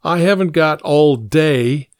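A man's voice: fairly high pitch, slow pace, a little mellow, clean tone, no echo, studio quality. A man reading a story aloud, voicing a big, sneering city man who is curt and impatient.

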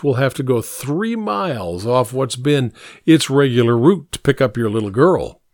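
A man's voice: mid-range voice, no echo, studio quality. A man reading a story aloud, voicing a fussy, long-winded small-town tax assessor who counts his points off one by one.

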